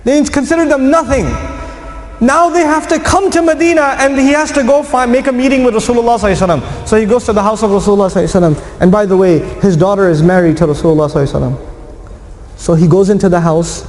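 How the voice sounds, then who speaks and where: A man preaching and telling a story to an audience, lively, acting out the voices of the people in it. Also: high voice, racing. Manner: animated, acts out quoted voices. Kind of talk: lecture storytelling. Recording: echoey hall.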